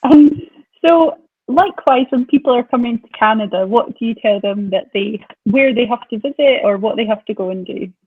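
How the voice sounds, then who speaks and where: A woman's voice: on the high side, normal speed, husky. A woman hosting a casual interview over a video call, with many short backchannels. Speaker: host. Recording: dull lo-fi video call audio.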